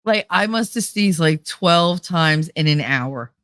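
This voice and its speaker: A woman's voice: fairly low pitch, animated, slow pace, fairly bright tone, clean tone, dry recording. A woman with a New Jersey accent chatting casually on a livestream, rambling and laughing often, a little nasal from a stuffy nose. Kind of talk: casual chat.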